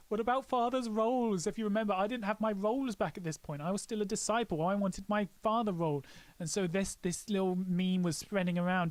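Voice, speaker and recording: A man's voice: high-pitched, a little fast, dry recording. A man hosting a casual live stream walkthrough, joking and poking fun at himself. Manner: joking, self-mocking.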